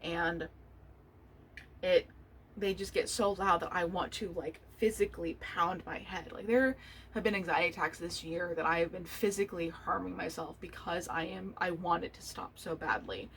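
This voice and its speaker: A woman's voice: lowish voice, moderate pace, a bit bright, slight background noise, rough recording. A young adult woman hosting a solo podcast, talking candidly and emotionally, swearing freely and restarting her sentences. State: choked up, tearful. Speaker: podcast host. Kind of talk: personal solo podcast talk.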